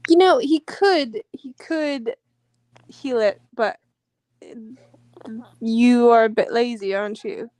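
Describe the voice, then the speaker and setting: A woman's voice: a little high, slow pace, long pauses, a little mellow, no echo. A woman on a panel stream in casual chat, playfully ribbing the men.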